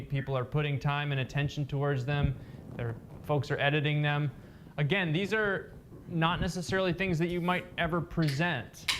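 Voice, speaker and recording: A man's voice: on the high side, fairly bright tone, a little hiss or hum. Upbeat man leading a class. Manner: encouraging, upbeat. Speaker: class instructor.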